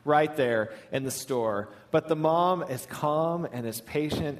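A male lead pastor giving a sermon, telling a funny story in a warm, storytelling manner. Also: fairly high pitch, slow pace, few pauses.

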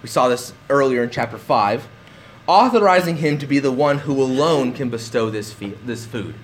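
A man's voice: mid-range voice, lively intonation, normal speed, a little hiss or hum. A man preaching a conversational sermon in a church, restarting phrases and acting out quotes with animation. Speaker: pastor.

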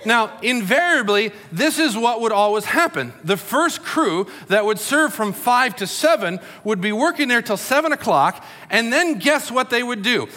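A man's voice: very high voice, expressive, normal speed, few pauses, sharp tone. A middle-aged man preaching a sermon in a conversational, storytelling way, acting out quotes. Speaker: pastor. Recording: long hall reverb.

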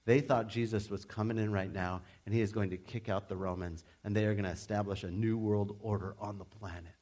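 A young adult man preaching a sermon as pastor, in a casual, animated way with frequent restarts. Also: lowish voice, a little fast.

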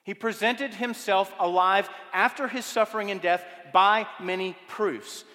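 A man's voice: high voice, fairly even intonation, measured pace, sharp tone. A man preaching a sermon as pastor, emphatic and rhetorical, stacking up repeated questions. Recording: long reverb of a church hall.

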